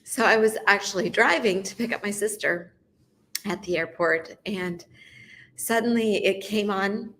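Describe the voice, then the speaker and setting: A middle-aged woman hosting a faith series, sharing a personal testimony in soft, halting, emotional bursts. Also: mid-range voice. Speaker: host of a faith video series. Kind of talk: personal testimony, heartfelt talk.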